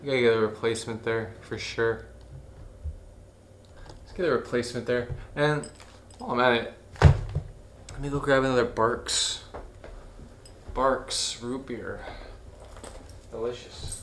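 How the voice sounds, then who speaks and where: A man's voice: mid-range voice, steady tone, normal speed, long pauses, a bit bright. A tired young man chatting casually and profanely while live-streaming a video edit, mumbling through his work. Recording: echoey room with faint hum.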